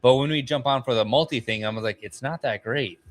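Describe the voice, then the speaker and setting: A man's voice: medium pitch, brisk. Man tossing in short casual remarks. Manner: brief interjections. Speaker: podcast co-host. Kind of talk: casual chat.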